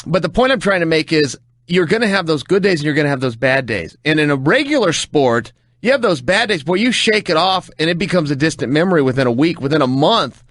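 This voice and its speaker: A man's voice: on the high side, lively intonation, brisk, a bit bright, dry recording. A man co-hosting a podcast, talking in an earnest, explanatory way with rising emphasis. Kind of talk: casual podcast chat.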